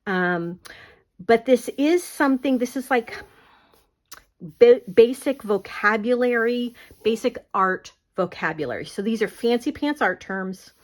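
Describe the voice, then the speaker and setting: A woman's voice: fairly high pitch, expressive, measured pace. A woman teaching an online art class in a casual, conversational way, often checking that the viewer follows. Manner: conversational, explaining with many fillers and checks.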